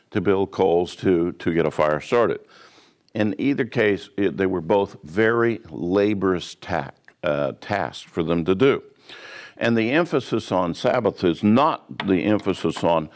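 A man with a low, deep voice gives a verse-by-verse Bible teaching, explaining at an unhurried pace. He pauses often, fills gaps with "uh", and restarts his sentences as he works through the passage. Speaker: pastor.

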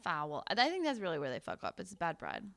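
A woman podcast host chatting casually and reading listener stories aloud. Her voice is lively and swoops around, and she giggles a lot. She is blunt and crude, and nothing seems to embarrass her. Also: on the low side, fairly quick.

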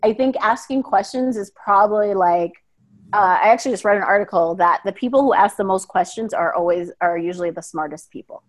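A woman's voice: medium pitch, a little fast. A tired woman co-hosting a podcast in casual chat, easygoing and playful. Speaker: podcast co-host.

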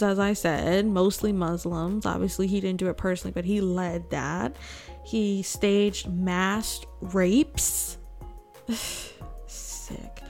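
A woman's voice: mid-range voice, a little mellow. A woman hosting a political news commentary, talking sarcastically and throwing out rhetorical questions to her viewers. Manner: sarcastic, asks rhetorical "guess what" questions. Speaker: host.

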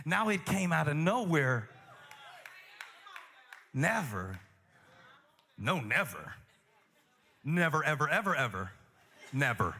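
A man's voice: sits high, vocal fry, bright, forceful tone, in a large hall. A man preaching a sermon in a conversational style, repeating words for emphasis. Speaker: pastor.

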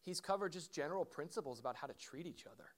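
Animated high-voiced man preaching. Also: fast. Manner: animated preaching with rhetorical questions and asides. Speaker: pastor. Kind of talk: sermon.

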